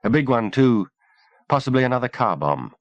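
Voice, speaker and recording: A man narrating an audiobook in a measured, expressive reading. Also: mid-range voice, no echo, lo-fi sound.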